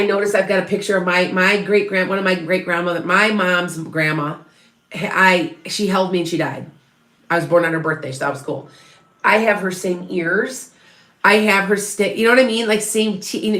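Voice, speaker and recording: A middle-aged woman talks viewers through a psychic reading, chatty and rambling, breaking off and restarting her sentences. Her voice sits a little low for a woman. The room around her rings with a noticeable echo. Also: fairly bright tone. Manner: rambling, chatty, many restarts and self-corrections. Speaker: psychic medium. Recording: roomy echo.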